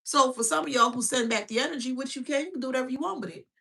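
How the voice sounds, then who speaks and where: Rapid-fire and creaky, this high-pitched woman delivers a casual spiritual reading. Her animated style is blunt and mocking, peppered with slang and frequent laughs.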